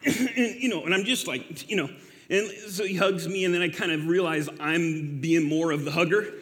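A man in his forties tells his personal story to a church gathering, halting and filling pauses as he goes. His voice sits a little high, and a long reverb from the hall trails his words. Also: a bit bright. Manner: halting, many fillers, laughs at himself. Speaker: guest speaker. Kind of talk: personal testimony talk.

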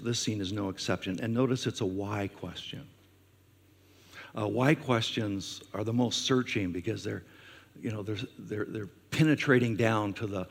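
A man's voice: lowish voice, vocal fry, slightly rough. Guy preaching a sermon, chatty with lots of uh and you know, long hall echo behind him. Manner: conversational preaching with frequent fillers; animated, acts out questions in a raised voice. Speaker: pastor.

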